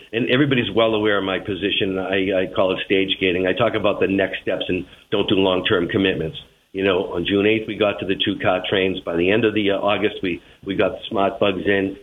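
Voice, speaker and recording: A man's voice: deep voice, fairly even intonation. Boston man on a phone line. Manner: plain-spoken, measured, repeats words at starts. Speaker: transit general manager, interviewee. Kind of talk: radio interview.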